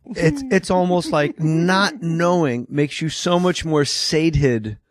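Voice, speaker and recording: A man's voice: on the high side, slow. A male podcast host in casual chat, teasing and wisecracking with some swearing.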